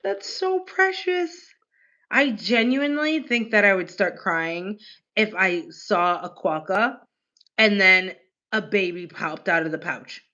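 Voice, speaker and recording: A woman streamer chatting casually on a livestream, gushing and animated, and she swears casually. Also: medium pitch, a little slow, muffled recording.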